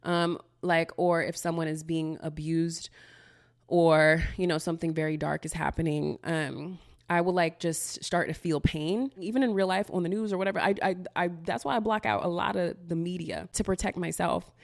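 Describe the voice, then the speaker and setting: Candid, low-voiced woman answering questions. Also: steady tone, normal speed, vocal fry, no echo, studio quality. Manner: loose and candid, heavy use of "like", frequent swearing; laughs between thoughts. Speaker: manifestation coach. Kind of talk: casual Q&A monologue.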